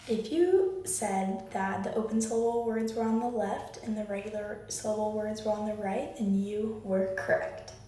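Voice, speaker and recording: A woman's voice: mid-range voice, moderate pace, hardly any pauses, dark tone, slight background noise. Echoey, distant woman teaching phonics. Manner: patient, asks the listener questions and leads clap-along drills. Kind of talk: recorded phonics lesson. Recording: very echoey room, voice far from the mic.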